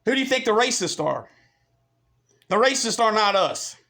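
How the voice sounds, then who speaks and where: Vlogger, male, fairly high voice, heated and profane, repeats his points. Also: sing-song, moderate pace, vocal fry, bright, forceful tone. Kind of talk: angry rant to camera.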